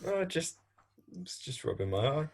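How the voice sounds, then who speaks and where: A man's voice: mid-range voice, big pitch swings, normal speed, vocal fry. A man co-hosting a podcast in casual chat, hesitant and trailing off. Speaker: podcast co-host.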